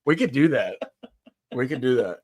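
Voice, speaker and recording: A man's voice: medium pitch, expressive, moderate pace, a little mellow. A man co-hosting a casual livestream, joking around and playfully trying out silly voices. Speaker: livestream co-host.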